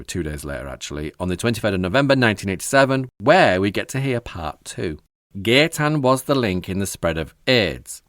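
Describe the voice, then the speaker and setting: A man's voice: on the low side, no room sound, clean studio sound. A man hosting a podcast who reads newspaper passages aloud and breaks off for casual spoken comments full of fillers. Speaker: podcast host. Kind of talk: reading aloud from a newspaper, with asides.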